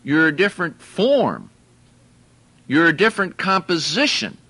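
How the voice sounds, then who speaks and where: Slow, bright-voiced man teaching a sermon. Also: on the high side, sing-song, breathy edge. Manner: slow, deliberate, explains Greek words and asks the listeners questions. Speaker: preacher.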